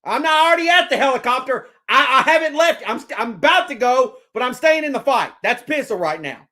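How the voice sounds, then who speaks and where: Excitable male fan vlogger, very high voice, rambling rants full of restarts. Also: fairly quick. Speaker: sports vlogger. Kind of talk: casual fan rant to camera.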